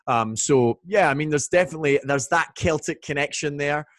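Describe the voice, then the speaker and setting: A man with a Scottish accent chats easily as a guest on a video call. He sounds relaxed and jokey and often pauses on "um" and restarts his sentences. The sound is dry and close, with no room echo. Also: a little high. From Scotland. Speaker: whisky brand ambassador guest. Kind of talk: casual interview over video chat. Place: home, indoors.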